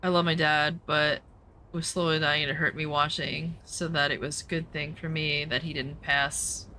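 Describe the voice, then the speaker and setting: A woman's voice: sits low, little pitch movement, normal speed, bright, forceful tone, slight background noise. A woman streamer talking candidly in casual chat while playing a game, rambling with lots of fillers.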